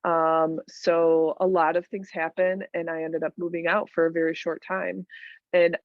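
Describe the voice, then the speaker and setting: Podcast guest: earnest middle-aged woman, lowish voice, dry dull lo-fi sound, emphatic and repetitive. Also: level tone, measured pace, no echo. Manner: earnest, emphatic, repeats phrases for weight. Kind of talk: candid conversational interview.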